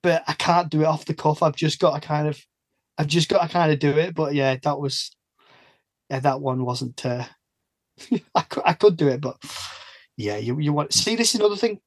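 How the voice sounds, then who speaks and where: Rambling British man, slightly high voice. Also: moderate pace, long pauses, no room sound. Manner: rambling, self-interrupting, laughs often. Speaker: podcast guest. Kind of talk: casual chat.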